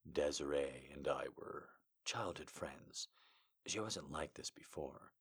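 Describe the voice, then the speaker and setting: A man voicing a tender young werewolf alpha who talks in a breathy, hushed murmur, within a comedic reading of amateur fiction. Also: rumbling low, slow pace, voice pushed down, full character voice.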